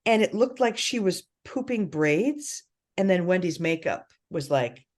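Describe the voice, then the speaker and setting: A middle-aged woman co-hosting a podcast in casual chat, candid and animated, swearing freely. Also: on the low side, unhurried. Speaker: podcast co-host.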